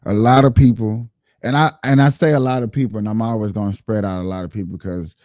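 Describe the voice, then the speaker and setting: A man's voice: fairly low pitch, steady tone, quick pace, darkish tone, dry recording, clean studio sound. A man hosting his own livestream, talking politics earnestly and repeating himself as he speaks straight to his viewers. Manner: earnest, repetitive, addresses viewers directly. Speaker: livestream host. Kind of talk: casual political livestream talk.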